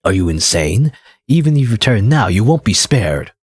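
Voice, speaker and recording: Man voicing a shark spirit villain, menacing male, slow growling delivery, husky. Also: on the low side, big pitch swings, darkish tone, dry recording. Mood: scornful.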